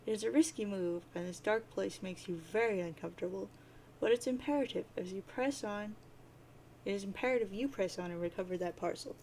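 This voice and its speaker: A woman's voice: mid-range voice, brisk, a little mellow, a little hiss or hum, low-quality recording. A woman casually reading a webcomic aloud as host, with chatty, offhand asides. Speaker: webcomic reader, channel host. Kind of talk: casual read-aloud narration.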